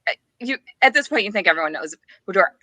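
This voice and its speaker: Woman co-host, bright lively anecdote teller, laughs through lines. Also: medium pitch, quick pace, no room sound. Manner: giggly, acts out quotes, many restarts. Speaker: podcast co-host. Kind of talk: casual chat, animated storytelling.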